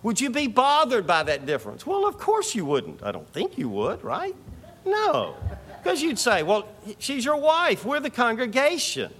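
A man's voice: very high voice, wildly swooping pitch, normal speed, a bit bright, a little hiss or hum. A man preaching a sermon to his congregation in a conversational way, asking rhetorical questions and repeating phrases for emphasis. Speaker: pastor. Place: church sanctuary.

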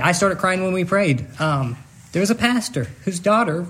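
Male pastor, earnest sermon delivery, high-pitched voice, halting with repeated words, emotional and close to tears. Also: expressive, fairly bright tone.

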